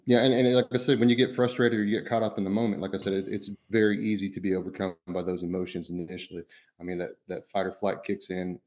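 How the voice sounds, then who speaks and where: Deep-voiced man, rambling podcast talk. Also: level tone, fast talker, darkish tone. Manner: rambling, many fillers and restarts. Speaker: podcast co-host. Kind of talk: casual podcast discussion. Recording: dull lo-fi sound.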